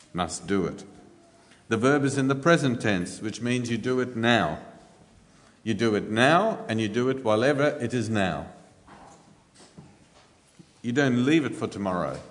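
A man preaching a sermon in an earnest way, with frequent ums and rhetorical questions. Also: medium pitch. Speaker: pastor. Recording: reverberant church hall.

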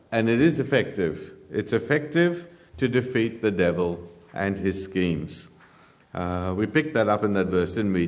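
Low-voiced male preacher. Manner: measured teaching tone, frequent "uh" fillers, dry humour. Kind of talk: sermon.

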